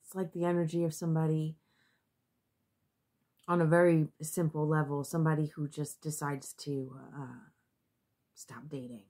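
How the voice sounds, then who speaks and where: A woman's voice: low-pitched, little pitch movement, normal speed, long pauses, darkish tone. A woman giving a casual tarot reading to her viewers, blunt and sometimes profane, thinking aloud and restarting her sentences. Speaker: tarot reader.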